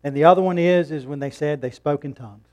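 Here a middle-aged pastor moves fast through his Sunday sermon, keeping the tone relaxed and conversational. When he hits the main points, his somewhat high voice climbs and gets louder.

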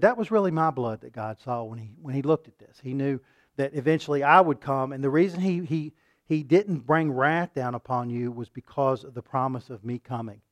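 A man preaching a sermon, rising to loud emphatic peaks and dropping to quiet asides, asking his listeners questions and repeating words for emphasis. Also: mid-range voice, dry recording.

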